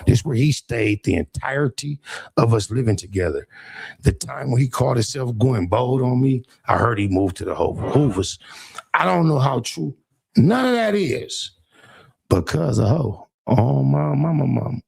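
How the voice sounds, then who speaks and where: A man's voice: medium pitch, animated, moderate pace, creaky, background noise. A man, ranting on a livestream to his viewers. He talks in streetwise slang, mocks and taunts, and slips into sing-song rhyming jabs. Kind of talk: heated livestream rant.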